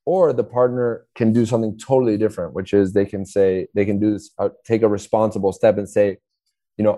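A man speaks casually as a podcast guest, often restarting his sentences and acting out examples. His voice is low and warm, recorded dry and close. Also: steady tone, a little fast, no echo. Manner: explains by acting out dialogue, many restarts. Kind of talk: casual interview talk.

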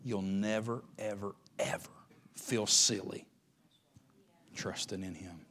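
A pastor preaching a sermon in a folksy, conversational way that builds to impassioned shouting. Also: male voice, on the low side, fairly even intonation, slow, long pauses.

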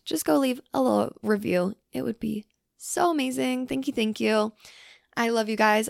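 Young woman podcast host, chill rambling chat, bit of vocal fry, dry close mic, says like a lot. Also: mid-range voice, no room sound. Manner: loose, filler-heavy, swearing, softly emphatic. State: hungry from fasting. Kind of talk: casual solo podcast talk.

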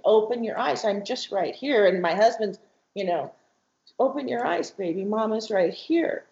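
Here a woman's voice, on the high side, gravelly yet a little mellow, moves expressively at normal speed. She is a guest, a mother recounting her family's story as an emotional testimony, vividly performing the voices she quotes and restarting her sentences. The sound is dull, lo-fi and roomy.

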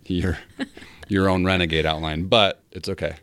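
Deep-voiced man bantering with jokes. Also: level tone, normal speed, a bit bright, smooth, dry recording. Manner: joking, self-deprecating banter. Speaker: podcast co-host. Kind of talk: casual chat.

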